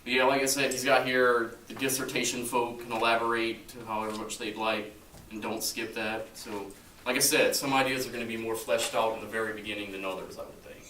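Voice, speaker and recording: A man's voice: fairly low pitch, fairly even intonation, fairly quick, pushed and bright. A man in a group discussion, talking casually and trailing off with hedges. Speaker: group member. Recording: echoey room from far off, faint noise.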